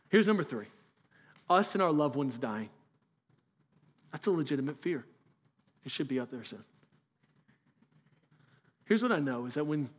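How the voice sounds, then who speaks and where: High-voiced earnest male preacher. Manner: earnest, conversational preaching with rhetorical questions. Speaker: pastor. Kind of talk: sermon.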